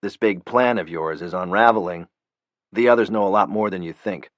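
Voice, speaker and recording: A man voicing a cold, controlled operative who speaks calmly and quietly. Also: deep voice, moderate pace, no echo, close to an everyday voice. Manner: calm, quiet, menacing. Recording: dull lo-fi, dry.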